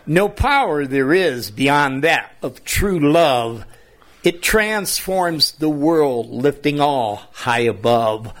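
Older male poet, reads his light rhyming verse slowly, lively sing-song voice. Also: a little high. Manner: slow, lively rhyming recitation. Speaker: poet reading his own work. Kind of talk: reading humorous rhyming verse.

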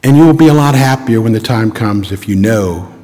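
A man's voice: fairly low pitch, lively intonation, brisk, dark tone. A middle-aged male pastor preaching a sermon, telling a personal story in an earnest, reflective way and asking rhetorical questions. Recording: long reverb of a large hall.

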